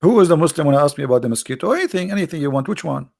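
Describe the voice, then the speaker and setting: Gravelly man with an Arabic accent. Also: fairly high pitch, racing. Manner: animated, mocking, repeats himself. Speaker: online show host. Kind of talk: casual live-stream talk.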